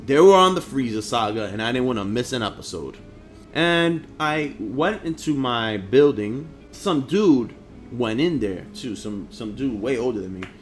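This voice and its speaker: Speaking at a moderate pace with an expressive, medium-pitched voice, this young man from Harlem, New York shares his own stories in a casual vlog. He is blunt, profane and full of slang, and faint music plays underneath.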